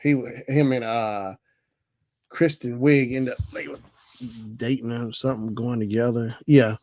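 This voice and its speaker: A man's voice: medium pitch, fairly even intonation, a little slow, a little mellow, no room sound. A man hosting a casual talk show in a laid-back way, often answering with short agreements. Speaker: host. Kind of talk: casual chat.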